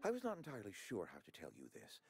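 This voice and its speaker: A pompous husky town administrator. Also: male voice, on the low side, huge pitch swings, rapid-fire, darkish tone, faint music behind, full character voice. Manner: formal, fussy and ingratiating. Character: pompous middle-aged male outpost administrator. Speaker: game character.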